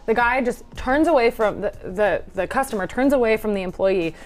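A woman with a fairly high voice holds the floor on a casual podcast. She tells a story with energy and slips into quick impressions of the people she describes. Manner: animated storyteller acting out quoted people. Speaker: podcast co-host. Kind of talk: casual chat.

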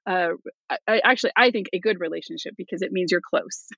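A woman's voice: fairly low pitch, a little fast, vocal fry, no room sound, highs cut off. Giggly, gushing woman guest. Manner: giggly, gushing, hesitant with fillers. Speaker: podcast guest. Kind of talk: casual chat.

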